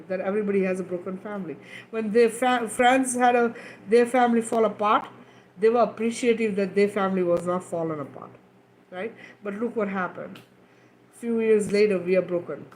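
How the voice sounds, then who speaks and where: A woman's voice: mid-range voice, darkish tone, a little hiss or hum, poor audio. Earnest woman, frank spiritual talk. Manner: frank, checks in with the listener often ("right?", "okay?"); earnest and emphatic, swears casually. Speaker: mother of two daughters. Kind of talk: casual spiritual talk to camera.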